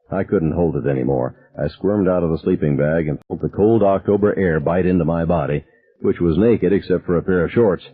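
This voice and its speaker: In this clip, a man narrating an audiobook tells a first-person novel in a slow, grave manner. He has a husky, low voice, and the audio is dry and thin, confined to a telephone-like frequency range.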